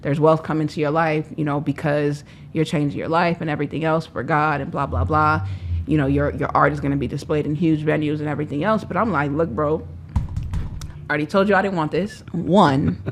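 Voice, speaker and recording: A young woman telling her life story as a podcast guest, emphatic and animated, acting out the voices of people she quotes. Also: sits low, fairly quick, a little hiss or hum. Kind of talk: candid storytelling.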